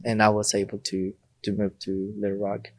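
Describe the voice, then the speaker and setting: Laughing low-voiced priest telling stories. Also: male voice, completely flat delivery, normal speed, no room sound. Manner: laughs often while telling stories, acts out quoted lines. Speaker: Catholic priest, podcast guest. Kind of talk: casual conversational storytelling.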